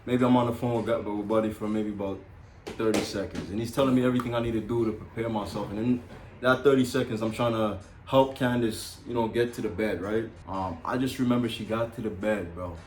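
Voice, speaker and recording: A young man telling the story of his child's birth in a casual chat, animated and laughing, often calling the listener "bro". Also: lowish voice, a little fast, roomy sound, slight background noise.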